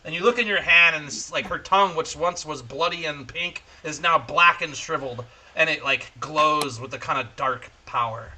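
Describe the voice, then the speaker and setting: Bright-voiced, swearing game master. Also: male voice, a little high, moderate pace, hardly any pauses, slight background noise. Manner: casual, profane, animated storytelling. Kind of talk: narrating a tabletop game.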